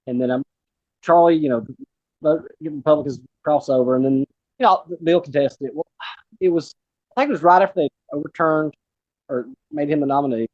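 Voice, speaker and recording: A man's voice: on the high side, a little fast, pauses often, darkish tone, no room sound, muffled recording. A man in his forties hosting a casual interview, telling a rambling personal story. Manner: rambling, many fillers and restarts. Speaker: host.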